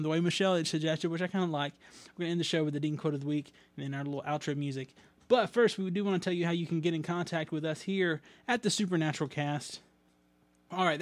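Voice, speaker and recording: Rambling man, slightly high voice. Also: no echo. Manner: rambling, many ums and restarts. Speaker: podcast host. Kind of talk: casual podcast chat, reading listener mail.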